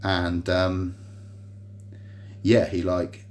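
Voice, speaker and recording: Low-voiced rambling man. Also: completely flat delivery, extremely slow, darkish tone, a little hiss or hum. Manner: rambling, full of fillers and restarts. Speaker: vlogger recounting a personal grievance. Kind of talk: rambling monologue to camera. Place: hospital room. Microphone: phone on a tripod.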